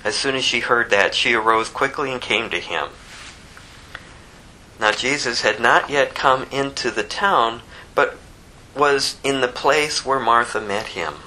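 A man preaching a sermon, moving between impassioned rising emphasis and hushed, slower scripture reading. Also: medium pitch, slight background noise, low-quality recording. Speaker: pastor.

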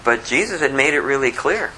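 A man's voice: mid-range voice, animated, brisk, sharp tone, slight background noise, low-quality recording. A man giving a conversational, verse-by-verse Bible teaching, reading scripture aloud and explaining it in plain words, with a slight lisp. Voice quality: says he has a lisp. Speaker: pastor.

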